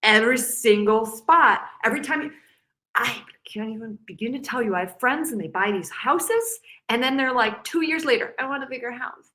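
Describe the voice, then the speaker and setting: A woman's voice: a little high, animated, normal speed, pushed and bright. A woman guest on a podcast, talking animatedly and slipping into silly complaining voices to act out other people. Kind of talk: casual podcast conversation.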